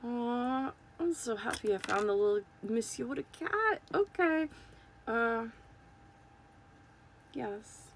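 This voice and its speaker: A woman unboxing toys and gushing to her viewers, her fairly high voice grainy with vocal fry. She speaks slowly and takes her time between exclamations. A faint hiss sits under the phone recording. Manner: gushing, excitable, talks to viewers. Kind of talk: casual unboxing chat.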